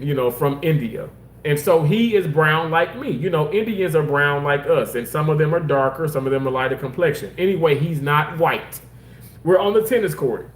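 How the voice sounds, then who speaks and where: A man casually telling personal stories in an animated, rambling way, repeating himself for emphasis. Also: a little high, echoey room. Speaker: former hospital surgical worker.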